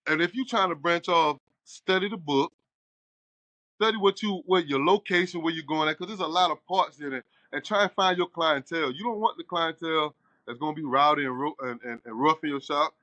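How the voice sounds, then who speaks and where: Barber guy, middle-aged, telling his story all animated, bright punchy voice, dry close sound. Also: a little high, brisk, no room sound. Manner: animated storyteller, acts out quoted dialogue. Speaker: barbershop owner. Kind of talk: casual storytelling interview.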